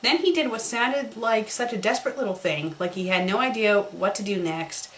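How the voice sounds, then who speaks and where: A woman's voice: medium pitch, normal speed, fairly bright tone, slight background noise, rough recording. A woman doing a comedic dramatic reading of a bad fan story, breaking off for sarcastic, mocking remarks. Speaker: fanfiction critic.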